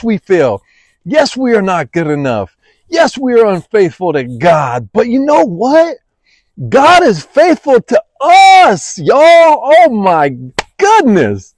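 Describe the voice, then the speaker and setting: Guy preaching a devotional real slow and fired up, says y'all a lot, high voice that jumps around. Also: a little mellow, no echo, poor audio. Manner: impassioned, repeats phrases, says y'all. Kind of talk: fervent devotional sermon.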